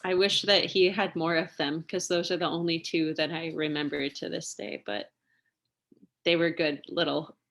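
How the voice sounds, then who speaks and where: Chatty woman with a lower voice. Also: little pitch movement, normal speed, gravelly, fairly bright tone. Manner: chatty, laughs often, lots of fillers. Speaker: interview guest, singer and lawyer. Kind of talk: casual storytelling interview.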